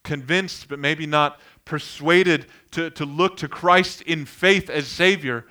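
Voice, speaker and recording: Bright-voiced male preacher, earnest sermon. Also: a little high, slow, hardly any pauses, smooth. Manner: earnest, builds emphasis on key phrases; tells homely anecdotes in the sermon. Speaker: pastor.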